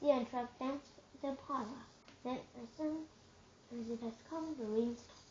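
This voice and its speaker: A woman reading a children's book aloud in a lively way, shouting the dialogue and going soft for quiet narration. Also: on the high side, measured pace, muffled recording, slight background noise.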